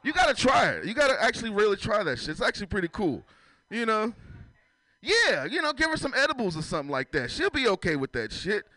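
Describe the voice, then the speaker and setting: A man's voice: high-pitched, very animated, fast talker, bright, forceful tone, no echo, rough recording. A man from San Francisco doing a stand-up comedy set, talking loosely and profanely and teasing the crowd. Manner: loose, profane, chatty, teases the audience. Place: comedy club.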